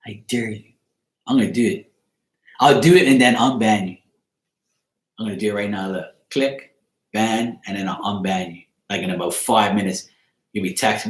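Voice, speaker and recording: A man's voice: on the low side, moderate pace, pauses often. A man hosting a casual tarot livestream, teasing and joking with his viewers. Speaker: tarot reader and streamer host. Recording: roomy echo.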